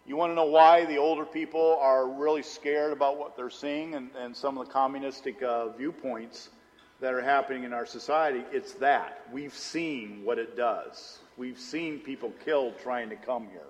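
A middle-aged man preaching a sermon as pastor, telling personal stories conversationally and dropping low and intense for emphasis. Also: steady tone, moderate pace. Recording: long hall reverb.

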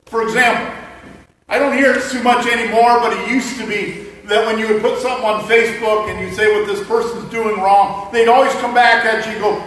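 A man's voice: very high voice, fairly quick, fairly bright tone, a little hiss or hum. A man preaching a sermon as a pastor, conversational and joking with the congregation. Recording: echoey hall mic from far off.

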